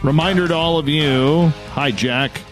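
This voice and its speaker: A man with a Canadian accent hosting a live radio talk show, with lively, joking announcer patter. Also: a little high, unhurried, soft background music.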